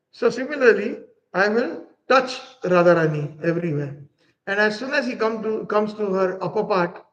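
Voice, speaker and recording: A man's voice: high-pitched, a bit bright, low-quality recording. A middle-aged male preacher, giving a devotional lecture and telling a story, explaining terms and acting out characters.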